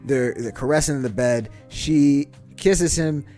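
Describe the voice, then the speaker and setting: A man co-hosting a casual podcast guessing game, animated and laughing often as he acts out movie lines. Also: mid-range voice, measured pace, soft background music. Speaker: podcast co-host.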